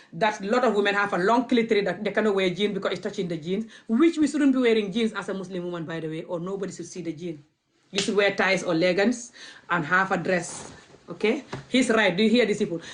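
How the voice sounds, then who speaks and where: This activist vlogger's voice is slightly high and a bit bright. Speaking English as a non-native, she rants to camera with passion, blunt and stubborn, hammering the same points over and over.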